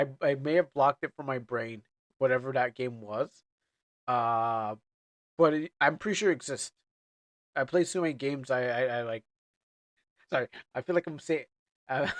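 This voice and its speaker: A man's voice: mid-range voice, dry recording. Rambling male streamer, dry sound. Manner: rambling, stammers and repeats words. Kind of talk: casual live-stream chat.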